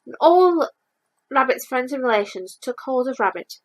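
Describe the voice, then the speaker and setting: A woman reading a children's storybook aloud, lively and expressive. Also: high voice, moderate pace, low-quality recording.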